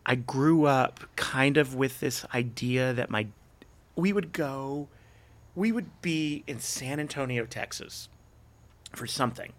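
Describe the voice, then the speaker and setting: A middle-aged man, a podcast guest, telling stories in a casual chat and acting out the people he quotes with big jumps in pitch. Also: slow.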